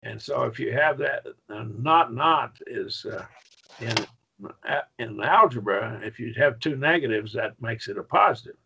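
Gravelly-voiced man teaching a Greek class. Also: medium pitch, animated, bright, forceful tone, highs cut off, slight background noise. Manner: folksy, repeats "okay?", slows down to stress points. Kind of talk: classroom lecture.

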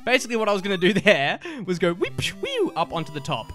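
A man's voice: high-pitched, lively intonation, quick pace, music in the background. A man giving casual, crude and jokey gameplay commentary as host of his gaming videos.

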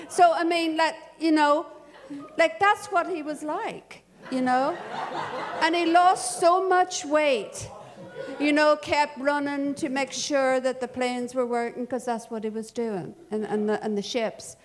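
A woman's voice: high voice, a little slow. An older woman telling a family story at a church service, chatty and often laughing. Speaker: church speaker. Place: church hall.

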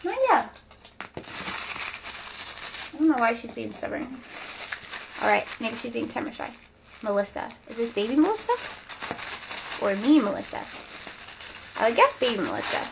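A young woman with a Midwest American accent, chatting excitedly as she opens fan mail for her vlog and talks to her dolls. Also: fairly high pitch, fairly quick, gravelly, pauses often, noisy background. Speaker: vlogger opening fan mail. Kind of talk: casual vlog unboxing.

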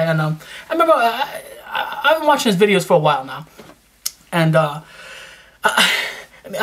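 A young man from New York with a high-pitched, sharp voice gives shout-outs on his reptile-keeping YouTube channel, with a little hiss or hum in the audio. His casual vlog chat is rambling and slangy, packed with fillers and restarts.

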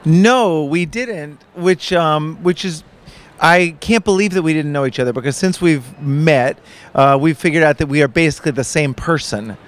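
Smooth-voiced man telling a story. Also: a little high, normal speed. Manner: relaxed, self-deprecating, storytelling. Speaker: author and musician guest. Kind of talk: casual interview chat. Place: conference booth, indoors.

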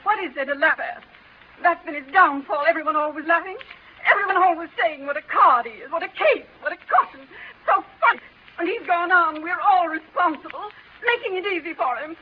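An actress playing an earnest, hurt spinster aunt in a 1930s radio drama. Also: female voice, very high-pitched, expressive, brisk. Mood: upset. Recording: dull old radio broadcast, faint hiss.

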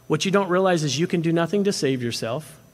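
A man's voice: on the high side, expressive, fast talker, in a large hall. A male pastor preaching a sermon with emphasis, often putting questions to the congregation. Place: church sanctuary.

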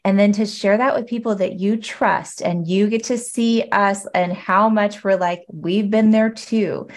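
A woman coach offers encouragement over a video call. She speaks earnestly, in long flowing thoughts, with an average pitch. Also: steady tone, normal speed.

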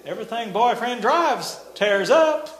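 A man's voice: extremely high pitch, animated, a little slow, fairly bright tone. An older man, telling a folksy testimony in a sermon. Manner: folksy storytelling with laughs and nonstandard grammar. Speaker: preacher. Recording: echoey room.

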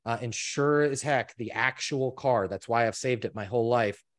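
A man spinning a personal story as an interview guest. He talks with animation, acts out the people he quotes and doubles back on his words often. His voice sits at an ordinary middle pitch. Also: normal speed. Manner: animated storyteller, quotes others, many restarts. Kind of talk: storytelling in conversation.

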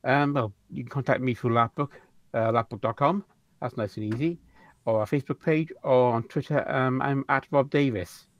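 A British man co-hosting a podcast, jokey and quick. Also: medium pitch, no echo. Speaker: podcast co-host. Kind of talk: casual podcast chat.

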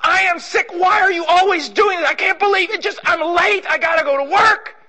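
Preacher putting on a furious husband, high and piercing, shouting his grievances. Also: a little fast, full character voice. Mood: ranting. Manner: shouting indignant complaints. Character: irritable unconverted husband ranting at his wife.

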